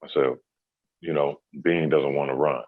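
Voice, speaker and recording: A man, a former basketball player, telling a story in a relaxed, casual interview, with a husky voice. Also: a bass voice, moderate pace, no echo, phone-quality sound. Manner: relaxed, laid-back, many "you know"s.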